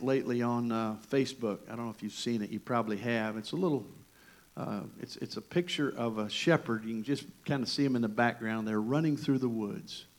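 A man preaching a sermon as pastor, telling stories and calling people up front from the congregation. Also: mid-range voice. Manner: storytelling, interactive with congregation.

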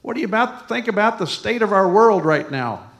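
A man doing a loud, blunt skeptical woman, her voice pitched well up and pushed hard. The accent is broad and put on, and she talks over everyone. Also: lively intonation, brisk. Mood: pushy.

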